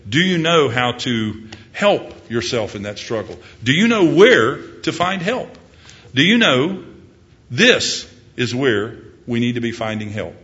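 Casting note: a man as an earnest preacher, bright, forceful voice, dull lo-fi recording. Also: medium pitch. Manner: earnest, rising emphatic questions, soft hushed prayer. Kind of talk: sermon with closing prayer.

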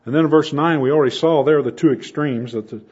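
A man preaching a sermon in an earnest manner, building to emphatic points and dropping soft again. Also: on the high side, quick pace, slightly rough, highs cut off.

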